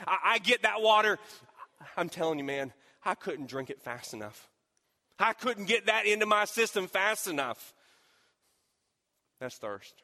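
A man preaching a sermon as pastor, telling a story emphatically and swinging from loud to hushed. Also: a little high. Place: church sanctuary. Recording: long reverb of a large hall.

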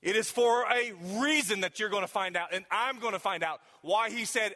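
A man's voice: sits high, normal speed, few pauses, sharp tone. A man preaching a sermon, talking emphatically to the congregation and asking them questions directly. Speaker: pastor. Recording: long hall reverb.

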